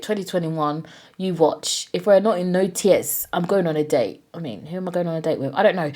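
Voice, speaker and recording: A woman's voice: fairly low pitch, a little mellow. A woman hosting her own podcast, talking in a candid, casual way with plenty of swearing and fillers. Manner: candid, chatty, swears freely, many fillers. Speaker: podcast host. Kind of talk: casual solo podcast chat. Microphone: own podcast microphone.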